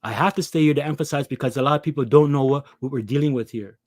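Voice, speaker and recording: A man's voice: medium pitch, fast talker, a little mellow, no room sound, clean studio sound. A man preaching an impassioned scripture lesson, pressing his listeners with rhetorical questions. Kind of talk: impassioned religious teaching.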